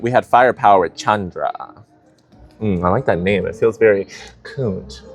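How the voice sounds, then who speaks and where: A man giving a casual spiritual tarot reading, animated and playful, thinking aloud with lots of "like" and "you know". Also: medium pitch. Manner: animated, playful, many fillers like "like". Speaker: tarot reader.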